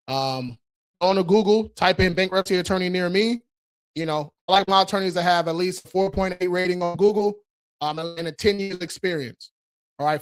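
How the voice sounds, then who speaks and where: High-voiced, slangy live-stream credit host. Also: male voice, smooth. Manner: slangy, loose and profane, laughs often; hypes viewers up with quick rallying calls.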